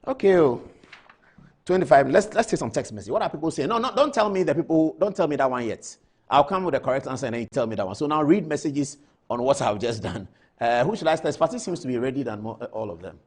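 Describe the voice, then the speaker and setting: A man's voice: medium pitch, very animated, fast talker, a little mellow, breathy edge. A man with a Ghanaian English accent giving emphatic studio commentary as a TV news anchor, addressing people directly.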